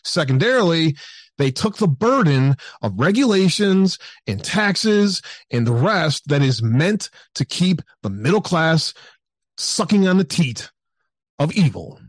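A man's voice: fairly high pitch, very animated, measured pace, no room sound. A man co-hosting a political show, making emphatic, heated points. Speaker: co-host. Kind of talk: political commentary.

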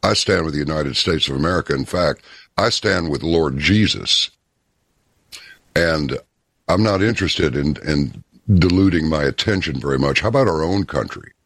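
Very deep, husky-voiced man. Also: lively intonation, moderate pace, a bit bright, no echo, studio quality. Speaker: guest. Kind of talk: casual interview talk.

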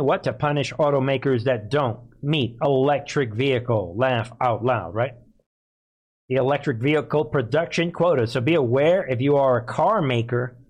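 Emphatic, fairly high-voiced male commentator. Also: low-quality recording. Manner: emphatic and repetitive, with frequent throat-clearing. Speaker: host. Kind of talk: political commentary monologue.

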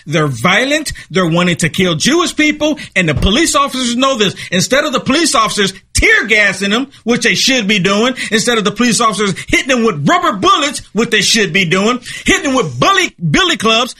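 High, bright-voiced man ranting. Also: no echo, clean studio sound. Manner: emphatic, repetitive, preaching tone. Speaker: political commentator. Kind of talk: impassioned political commentary.

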